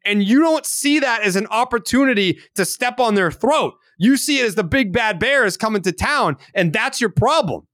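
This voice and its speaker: A man's voice: high-pitched, lively intonation, normal speed, hardly any pauses, a bit bright, no echo, clean studio sound. A man co-hosting a sports podcast in casual, profane, needling banter. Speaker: podcast co-host.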